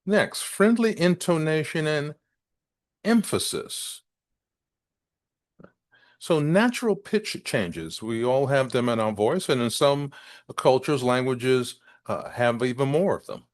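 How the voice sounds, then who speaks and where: Slow, lively-pitched male English teacher. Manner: deliberate, emphatic, demonstrates stress and intonation. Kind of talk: presenting a business English lesson.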